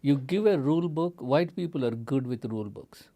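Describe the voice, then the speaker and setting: A man from India, a podcast guest talking in a relaxed way with many fillers. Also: mid-range voice, moderate pace. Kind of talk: casual chat.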